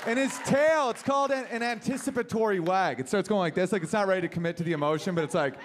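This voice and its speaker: A man doing a stand-up set in a comedy club, talking in an animated way, acting out voices and swearing casually. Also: high voice, quick pace, slight background noise. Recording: live club set with loud crowd laughter.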